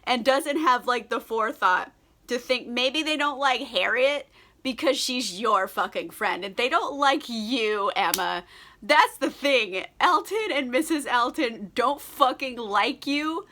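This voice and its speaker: A young woman with a bright, edgy voice pitched a little high, chatting tipsily into the camera. She rants sarcastically about a book, swears freely and breaks into giggles. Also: lively intonation, unhurried. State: tipsy. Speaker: book vlogger. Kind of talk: casual book review chat.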